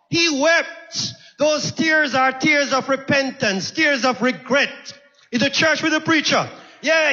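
A man's voice: very high voice, sharp tone, in a large hall, lo-fi sound. A man preaching a sermon in a church, impassioned, repeating phrases and calling out to the congregation.

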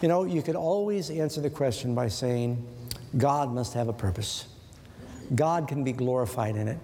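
A man's voice: medium pitch, moderate pace, mellow, big-room sound. A man preaching a sermon in an earnest, conversational way, asking his listeners rhetorical questions. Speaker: pastor.

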